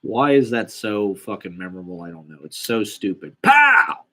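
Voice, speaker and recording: A young man with a slightly low voice, talking casually in a rambling monologue. He swears freely and pokes fun at himself. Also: brisk. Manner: rambling, profane, self-deprecating.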